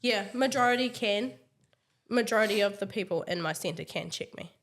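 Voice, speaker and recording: A woman's voice: mid-range voice, normal speed. A woman with a New Zealand accent, a teacher speaking as an interview guest in a friendly, affirming way. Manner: friendly, affirming, short agreements. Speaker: early childhood teacher, guest. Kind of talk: casual interview answers.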